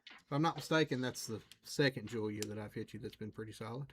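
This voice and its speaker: A man's voice: on the low side, fast talker, a little hiss or hum. A man hosting a trading card break livestream, chatting casually with viewers and reading out the cards he pulls. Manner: chatty, reads out cards and talks to chat.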